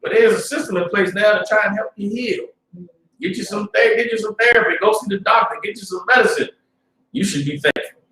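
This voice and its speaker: Man, informal preacher, streetwise, muttering then loud bursts, fairly high voice, echoey room, distant mic. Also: a little fast. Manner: streetwise, repeats "you understand?", swings from low mutter to loud bursts. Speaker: religious class teacher. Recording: roomy sound, speaker away from the mic.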